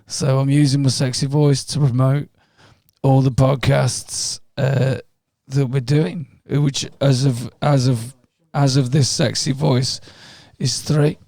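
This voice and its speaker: A man co-hosting a podcast, his voice hoarse and gravelly after two days of screaming, talking in a slow, jokey drawl. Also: medium pitch, level tone, darkish tone, no echo, clean studio sound. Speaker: podcast co-host. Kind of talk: casual chat.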